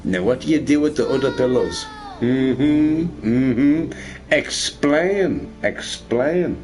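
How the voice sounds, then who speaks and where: A man's voice: mid-range voice, unhurried. A man streaming a game, chatting casually with viewers in a rambling, profane, joking way.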